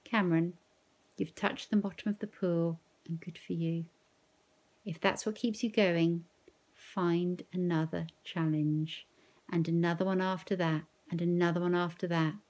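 A woman's voice: fairly low pitch, little pitch movement, unhurried, a little mellow. A woman reading a novel aloud, voicing an elderly grandmother who speaks earnestly and coaxingly. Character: elderly grandmother, gentle but firm.

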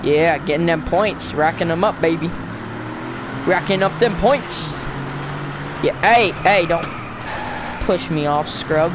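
An unhurried, drawn-out voice narrates a racing game as they play, swinging from frustrated yelps to grumbling asides. The pitch sits mid-range for the speaker. Loud car engine noise from the game runs under everything. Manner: excitable, swings between frustrated outbursts and muttering. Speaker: gaming channel host. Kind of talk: casual gameplay commentary. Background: car engine and race sounds from the game.

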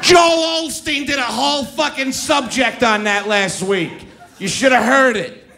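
A man's voice: extremely high pitch, measured pace, pushed and bright. A middle-aged man doing a stand-up comedy set on a club stage, brash and profane, baiting the crowd into a handheld mic.

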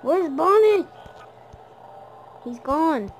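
Woman, very high voice, swoopy lively pitch, jumpy horror let's-play commentary. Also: extremely slow, soft background music, rough recording. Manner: jumpy, exclaiming, yelling at game characters. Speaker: gamer.

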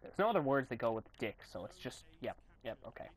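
Goofy young man yelling through gameplay. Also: medium pitch, big pitch swings, fast talker. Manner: goofy, rambling, bursts into yelling and silly voices. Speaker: gamer recording his own match. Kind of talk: gameplay commentary.

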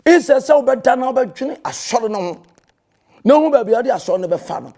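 A man's voice: extremely high pitch, expressive, moderate pace, mellow. A Ghanaian man, a pastor, delivering a heated and confrontational rebuttal that scolds a rival and mixes in English phrases.

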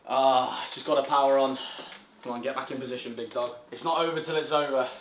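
A young man, giving loud, cocky, laughing commentary on his own gameplay as a pro gamer. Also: mid-range voice, fairly even intonation, a little fast, slight background noise. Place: gaming room in a shared house. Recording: echoey room, faint music behind.

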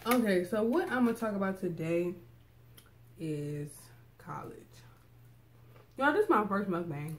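A young adult vlogger chats casually to her viewers while eating, sometimes with her mouth full, in front of a camera set up before her. Her mid-range voice is very animated and fast with hardly any pauses, and there's slight background noise.

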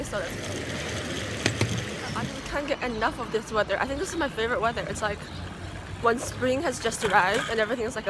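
A woman's voice: medium pitch, background noise. A young woman chatting casually through her day as a vlogger, upbeat and full of fillers. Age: young adult. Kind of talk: casual vlog chat.

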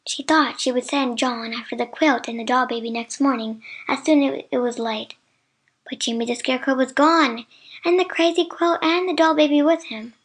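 High-voiced woman reading a storybook. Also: normal speed. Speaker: narrator. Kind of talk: scripted storybook narration.

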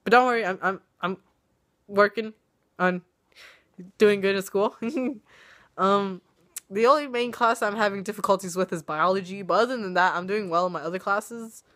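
A woman's voice: mid-range voice, moderate pace, long pauses, a bit bright. A young woman vlogging casually, chatty and self-mocking, her voice worn and coming and going from being sick. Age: young adult. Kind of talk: casual vlog chat. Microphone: webcam or phone camera.

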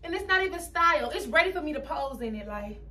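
A woman's voice: high-pitched, animated, fast talker, sharp tone. A woman running a casual try-on haul vlog, gushing, laughing and exclaiming as she shows off wigs in her shop. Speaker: wig shop owner showing stock. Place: indoor shop. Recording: distant mic with faint room noise.

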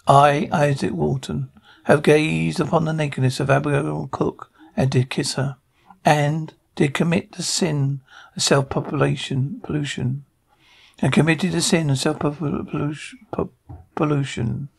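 A shamefaced young sinner halting through a public confession and tripping over his words, put on by a man. The voice sits a little high, with a gravelly edge. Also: steady tone, heavily acted. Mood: ashamed.

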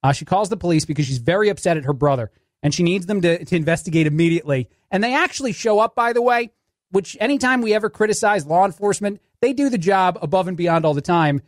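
A man's voice: sits high, lively intonation, quick pace, no echo, clean studio sound. A man filling in as a radio talk show host, rambling sarcastically through a casual monologue. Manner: sarcastic, rambling, restarts often.

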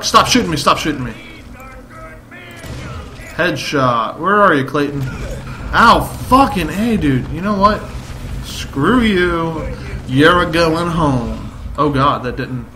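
Excitable cursing gamer man, lively pitch. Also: a little hiss or hum. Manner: loud, profane, excitable outbursts. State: drinking shots during play. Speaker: gamer playing a shooter. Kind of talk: let's play commentary.

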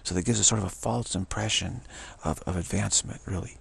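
A man's voice: low-pitched, fairly even intonation, fast, gravelly, slightly rough. A man giving an informal spiritual talk as a teacher, rambling and full of "you know" fillers. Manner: rambling, frequent 'you know' fillers.

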